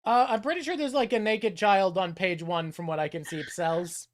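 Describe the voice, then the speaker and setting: A man's voice: high voice, normal speed. A man hosting a casual chat with his mother, rambling and self-deprecating. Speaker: host.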